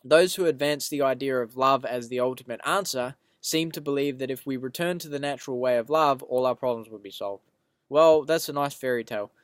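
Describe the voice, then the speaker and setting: A man's voice: mid-range voice, fairly quick, dry recording. A man in a casual vlog monologue, reading quotes aloud and riffing on them in a rambling, profane, emphatic way. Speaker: vlogger.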